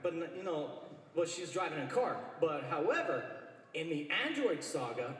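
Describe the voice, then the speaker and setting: An eager male fan rambles through a long question at a microphone, his voice on the high side. It sounds distant and echoey, carried through a large convention hall. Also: big pitch swings, moderate pace. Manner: rambling, eager, many fillers. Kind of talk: audience question at a panel.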